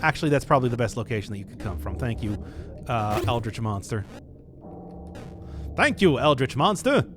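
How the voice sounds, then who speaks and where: A man commenting on a puzzle game as he plays, thinking aloud and hesitating, with sudden bursts of excitement. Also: on the low side, fast, over music. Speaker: let's play host. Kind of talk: let's play commentary.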